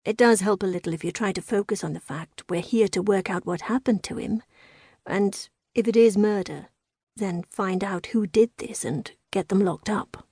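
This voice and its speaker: A woman reading the part of a young male investigator who speaks calmly and reassuringly. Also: mid-range voice, moderate pace, slightly rough, dry recording, studio quality. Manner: calm, reassuring.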